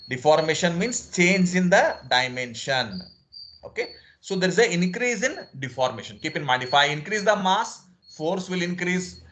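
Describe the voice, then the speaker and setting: Lively-pitched male lecturer. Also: slight background noise. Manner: repetitive step-by-step explaining, frequent "okay". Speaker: physics lecturer. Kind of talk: online classroom lecture.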